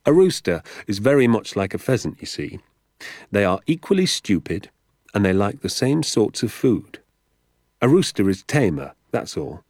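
A man reading an audiobook, voicing a secretive, enthusiastic father who talks in a low, confiding hush and sometimes drops to a whisper. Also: very animated, normal speed, no room sound, studio quality. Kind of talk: audiobook character voice.

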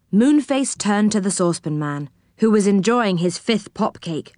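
A woman reading a children's storybook aloud, expressive and clear. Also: mid-range voice, moderate pace, few pauses, dry recording, clean studio sound.

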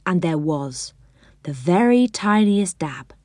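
A woman reads a children's story aloud, taking her time over each phrase. Her voice rises and falls in a very lively way. The recording is close and dry. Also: lowish voice, no echo. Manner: expressive, unhurried storybook reading.

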